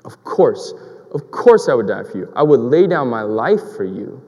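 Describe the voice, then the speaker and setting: A man's voice: mid-range voice, sing-song, normal speed, darkish tone, long reverb tail, pitched below the performer's own voice. A man voicing a breezy, reassuring husband. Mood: earnest. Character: easygoing husband who keeps putting off his wife.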